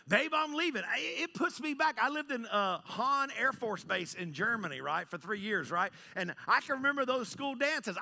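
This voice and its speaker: A middle-aged pastor preaching a dramatic sermon, swinging from loud to hushed and often asking "right?". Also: male voice, high voice, creaky. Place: church sanctuary.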